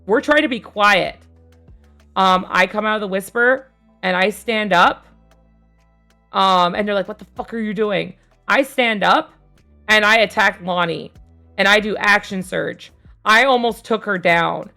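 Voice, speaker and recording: A young woman streamer casually telling a tabletop game story, rambling with fillers and casual swearing, growing more animated as it goes. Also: mid-range voice, a little slow, pauses often, faint music behind. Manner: gets louder and more animated as the story builds.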